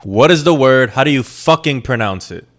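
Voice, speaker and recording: A man's voice: medium pitch, lively intonation, moderate pace. A young man from the Midwest with a plain Midwestern accent, hosting a casual solo podcast, rambling and self-deprecating and swearing freely. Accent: plain Midwestern American. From American Midwest. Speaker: podcast host.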